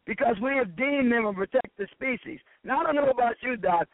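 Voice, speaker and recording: A man calling in to a radio talk show as a regular, speaking sarcastically after a few halting starts. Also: extremely high pitch, animated, dry recording. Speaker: regular caller. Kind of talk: call-in radio commentary. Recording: dry, tinny phone line.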